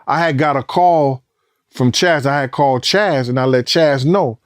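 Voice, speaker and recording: A man recounting events as a former bodyguard in an animated, profane interview, acting out voices and sounds. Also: medium pitch, moderate pace, dry recording, clean studio sound. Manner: profane, acts out quotes and sounds, rising excitement.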